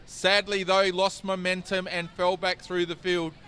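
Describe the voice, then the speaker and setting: A man's voice: sits high, flat delivery, unhurried, pushed and bright, smooth. A man giving dramatic live commentary on a kart race, calling the action with emphasis. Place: outdoors at a dirt kart track.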